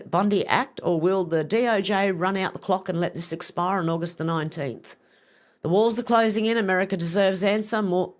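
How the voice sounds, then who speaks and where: A woman hosting a livestream, reading posts aloud and adding blunt, profane remarks. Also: mid-range voice. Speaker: livestream host. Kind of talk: casual livestream news commentary.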